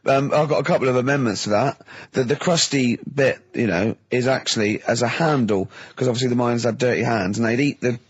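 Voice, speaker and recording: A man's voice: mid-range voice, fairly quick, slightly rough, lo-fi sound. A man, hosting a radio show with casual, jokey banter into a studio microphone. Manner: jokey, playful teasing.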